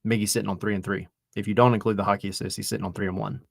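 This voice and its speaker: Low-voiced co-host making his case. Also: little pitch movement, rapid-fire, gravelly, dry recording, clean studio sound. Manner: argues his point with stats. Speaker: podcast co-host. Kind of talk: casual podcast chat.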